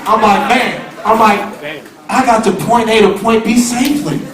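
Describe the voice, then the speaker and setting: A man's voice: high voice, steady tone, normal speed, very noisy. A man from the California Bay Area giving a rambling, slang-heavy informal lecture to students in a university hall, repeating himself often. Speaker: guest speaker. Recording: echoey hall, recorded from far off. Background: audience murmur.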